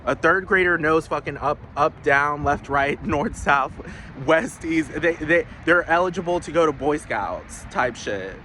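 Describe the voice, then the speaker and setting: A man's voice: fairly high pitch, unhurried, pushed and bright, slight background noise. Profane ranting man vlogger. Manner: profane, heated, many restarts. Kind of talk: casual ranting monologue.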